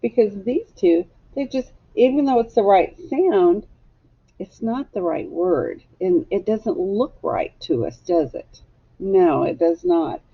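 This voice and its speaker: Woman teacher going slow and careful through a kids phonics lesson, kinda dull lo-fi sound. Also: medium pitch, lively intonation. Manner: slow, clear, deliberate drilling of sounds.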